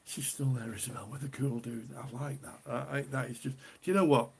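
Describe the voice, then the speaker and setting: A man's voice: medium pitch, fairly even intonation, a little fast, creaky, a little hiss or hum. A middle-aged man from the UK hosting a casual beer live stream, chatty and rambling, often repeating himself. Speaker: beer livestream host.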